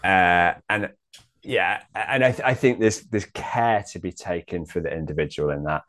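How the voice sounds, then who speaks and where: A man in a casual theological discussion, thinking aloud with many pauses and restarts. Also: low-pitched, a bit bright. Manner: hesitant, many ums and restarts.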